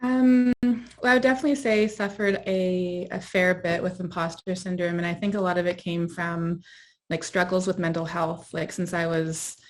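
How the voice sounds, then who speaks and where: Woman panelist, low-pitched, candid reflective delivery. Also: level tone, moderate pace. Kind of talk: casual panel chat.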